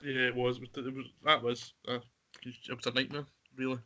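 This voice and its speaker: A young man telling a story in a casual podcast chat among friends, excitable and chatty. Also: medium pitch, moderate pace, lo-fi sound. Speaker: podcast co-host.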